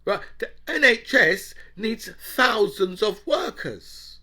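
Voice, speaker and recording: A political commentator, male, delivers an angry, sarcastic rant, mocking his opponents and constantly checking in with "right?" His voice is high-pitched and bright, with big swings in pitch, a pushed quality, and a slow pace.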